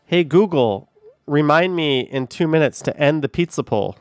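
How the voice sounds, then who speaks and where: A man's voice: on the high side, animated, moderate pace, a little mellow, clear, resonant tone, no room sound, soft background music. A man live streaming, chatting casually with viewers, rambling and swearing at voice assistants when annoyed.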